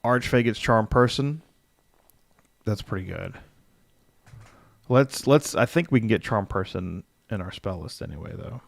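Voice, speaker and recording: A man's voice: lowish voice, measured pace, creaky, pauses often, no echo. A man chatting casually on a livestream as he builds a game character, thinking aloud, reading rules text and answering his chat.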